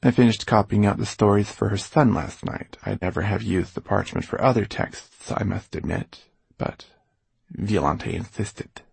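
A man's voice: lowish voice, normal speed, vocal fry, a little mellow, slightly rough, no room sound, exaggerated voice. A man voicing a haughty, bored male court illuminator who speaks with a slight lisp and a disdainful drawl.

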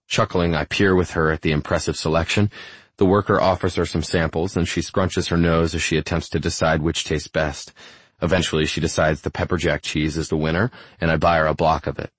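Super deep guy reading a romance audiobook, calm and even, dry close mic. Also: brisk, dry recording. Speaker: audiobook narrator. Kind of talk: first-person romance narration.

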